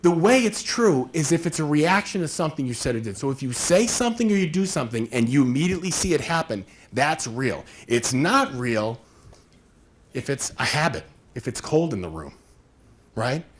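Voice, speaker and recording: A man's voice: a little high, big pitch swings, moderate pace. A man giving a conversational workshop presentation, acting out little scenes with quoted voices as he explains. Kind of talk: live workshop talk.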